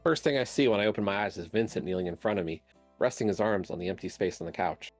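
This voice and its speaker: Low-voiced man reading game narration. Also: quick pace, soft background music. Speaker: streamer.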